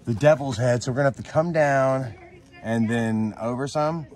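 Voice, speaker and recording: This is casual vlog narration from a man at a mountain lookout, speaking at normal speed in a mid-range, slightly mellow voice. He seems nervous, often exclaiming anxiously, and the outdoor handheld-camera audio carries background noise.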